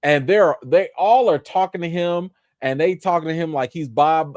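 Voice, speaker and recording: An animated man reviewing a TV episode live, his voice leaping up and down as he explains. He talks casually, with slang and plenty of fillers. The sound is dry and close, with no room around it. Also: on the high side, normal speed, no room sound. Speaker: show reviewer. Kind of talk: livestream review commentary.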